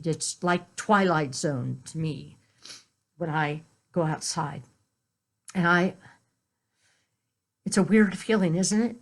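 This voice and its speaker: Slow-talking lady pastor, 50s, gentle sunday sermon, chatty asides. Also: on the low side. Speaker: minister.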